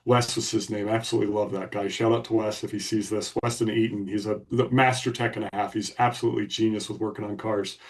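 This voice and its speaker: A man's voice: on the low side, flat delivery, fast talker, few pauses, far from the mic. A man co-hosting a podcast, telling a story in a blunt, emphatic way. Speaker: podcast co-host. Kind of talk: casual storytelling.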